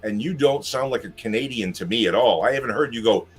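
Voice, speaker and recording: A man's voice: medium pitch, quick pace, husky, faint music behind. A man hosting a casual chat, agreeable and teasing his guests.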